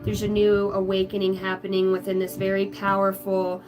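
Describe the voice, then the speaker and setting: A woman's voice: medium pitch, monotone, moderate pace, over music, low-quality recording. A middle-aged woman from the United States giving a live tarot reading at home, chatty and blunt, swearing freely. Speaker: tarot reader. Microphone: livestream device.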